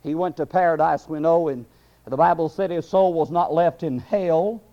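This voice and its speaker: Preacher guy in a sermon, fairly high voice, dull lo-fi sound. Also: normal speed. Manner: impassioned preaching with many fillers. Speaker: pastor. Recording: dull lo-fi recording.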